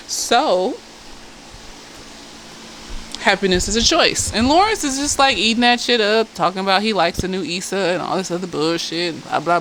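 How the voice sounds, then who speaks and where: A woman therapist reviewing a TV episode in casual chat. She is animated and blunt, swears freely and keeps drifting into asides. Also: on the high side, a little hiss or hum, poor audio. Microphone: self-filmed camera.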